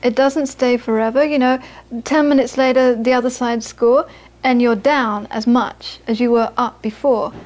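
A woman gives a relaxed Buddhist teaching in a high, light voice. She tells her stories in a chatty way, often restarting and repeating words. She sounds middle-aged. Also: moderate pace, hardly any pauses. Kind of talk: informal dharma talk with anecdotes.

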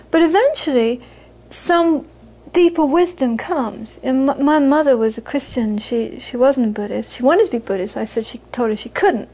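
A woman's voice: a little high, moderate pace, few pauses, darkish tone, husky, poor audio. A middle-aged woman teaching Buddhism in an informal talk, chatty and repeating phrases for emphasis, often laughing. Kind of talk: informal dharma talk to an audience.

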